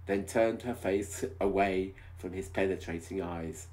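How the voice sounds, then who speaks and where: A man's voice: sits low, fairly even intonation, a little slow. A man reading a romance story aloud in a mock-dramatic way, breaking off for teasing, sarcastic comments. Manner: wry, teasing. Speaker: video host reading aloud.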